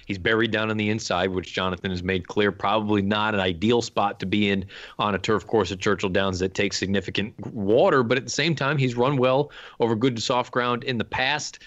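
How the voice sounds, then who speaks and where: A man's voice: on the low side, fairly even intonation, a little fast, fairly bright tone, highs cut off. A man hosting a horse racing podcast, steering the panel and putting questions to his guests. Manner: moderating, posing questions to panelists. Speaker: podcast host.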